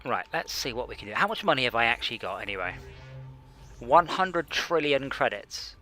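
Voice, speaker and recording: Male game streamer, bright edgy voice, mid pitch, loose self-deprecating chatter. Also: sing-song, normal speed. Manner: rambling, self-mocking, talks to himself while playing. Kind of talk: casual gaming chat.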